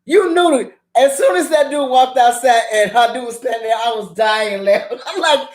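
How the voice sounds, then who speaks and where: A woman's voice: on the high side, moderate pace. A woman ranting casually about a TV drama, swearing and laughing often as she recaps scenes. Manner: profane, animated, laughs often. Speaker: drama review vlogger.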